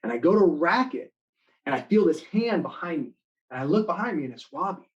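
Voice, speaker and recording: A man giving a motivational talk to students in an online live session, telling stories with lively acted-out quotes. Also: fairly high pitch, brisk, lo-fi sound. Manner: animated storytelling, acting out quoted lines. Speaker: motivational speaker.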